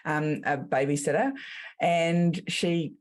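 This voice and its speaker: A woman's voice: deep voice, takes it slowly. New zealand lady, middle-aged, chatty podcast guest, acts out what people said. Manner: animated storyteller who acts out quotes. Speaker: business coach guest. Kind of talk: casual podcast storytelling.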